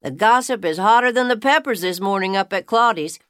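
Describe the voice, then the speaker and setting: A woman's voice: mid-range voice, a little fast, clear, resonant tone, no echo, clean studio sound, voice pushed up, natural voice. A woman playing a teasing gossip. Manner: playful, teasing, louder and livelier. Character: teasing Southern woman customer, gossipy and warm.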